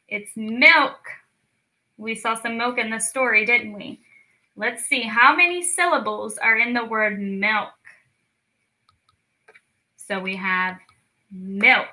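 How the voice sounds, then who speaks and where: A young woman teaching a children's lesson, slow and encouraging as she speaks to young kids. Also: on the high side, bright, forceful tone, low-quality recording. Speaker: speech clinic storytime teacher.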